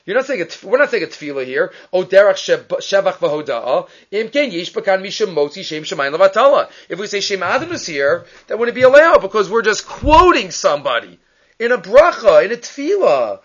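A man's voice: high voice, big pitch swings, fairly quick, a bit bright. A man teaching a Talmud class, quoting Hebrew and Aramaic texts and explaining them in English, often asking and then answering his own questions. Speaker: Torah teacher. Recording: muffled, lo-fi recording.

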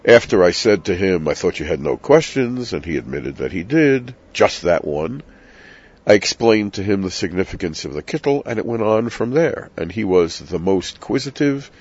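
An older man with a very deep voice teaches about the Passover Seder in an unhurried, storytelling way. His asides have a dry, self-mocking humor. The sound is dull and lo-fi. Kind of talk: reflective spoken teaching.

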